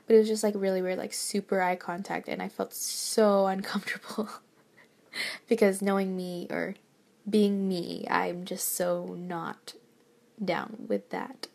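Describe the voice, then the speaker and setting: A woman's voice: on the low side, level tone, measured pace, vocal fry. A young woman, a college student, chatting in a rambling, hesitant way and often dropping to a whisper, her nose stuffy from a lingering cold. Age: young adult. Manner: rambling, hesitant, with many fillers and soft laughs. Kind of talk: casual chat, often whispered.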